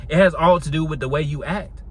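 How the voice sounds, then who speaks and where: A man's voice: fairly high pitch, brisk, fairly bright tone, a little hiss or hum. A young man telling a casual storytime monologue in a slangy, laid-back way, laughing often.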